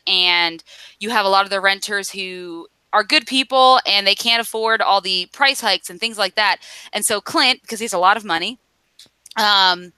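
A woman co-hosting a laid-back comic book podcast, talking through the story in a loose, rambling way with plenty of ums. Her voice is bright and crisp, and the sound is dry and close. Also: medium pitch, dry recording, rough recording. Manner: chatty, rambling recap with fillers. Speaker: podcast co-host. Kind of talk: casual comic book discussion.

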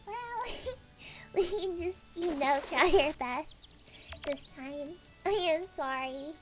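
Bubbly, very high-voiced woman streamer. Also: slow pace, faint music behind. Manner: bubbly, excitable, rambling with exclamations. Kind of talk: casual livestream chat while gaming.

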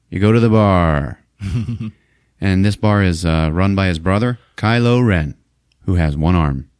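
A man's voice: sits low, a little slow, a little mellow, smooth, no echo, studio quality. A man hosting a podcast, casually recapping a movie with lots of swearing and laughing. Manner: profane, laughing often. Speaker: podcast host.

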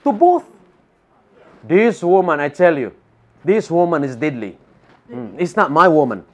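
A man's voice: a little high, sing-song, normal speed. A man with a Filipino accent preaching a sermon to a congregation in a church, reading Bible verses and putting rhetorical questions to his listeners.

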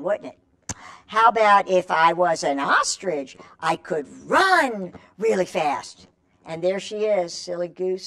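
Woman storyteller, picture book read-aloud for kids, swooping sing-song voice, slow unhurried pace. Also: mid-range voice. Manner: animated, coaxing listeners to join in with stretches and animal calls. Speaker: children's storyteller.

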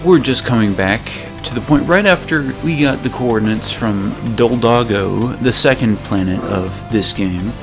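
A man's voice: mid-range voice, measured pace, creaky, few pauses, music in the background. A man hosting a let's play, giving jokey, casual commentary over the game.

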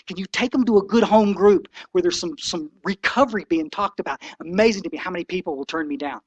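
A man's voice: high-pitched, fast, no echo, dull audio. A man in his sixties giving an impassioned, folksy talk to a recovery meeting, preachy and blunt.

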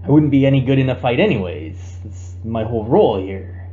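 A man voicing a worried male scout who boasts of being the fastest, recorded on a muffled phone. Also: medium pitch, animated, warm tone, faint music behind, lightly acted. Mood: earnest. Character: anxious male scout, proud of his speed.

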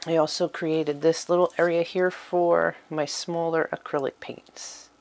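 A middle-aged woman giving a relaxed, chatty tour of her small home craft room. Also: low voice, measured pace. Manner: chatty, with fillers and little laughs. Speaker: vlogger giving a studio tour. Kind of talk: casual tour talk.

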